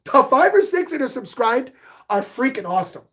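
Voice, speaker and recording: A middle-aged man with a very high, husky voice hosts a live sports podcast stream at a normal speed. He's animated, reading chat questions aloud and hyping himself up.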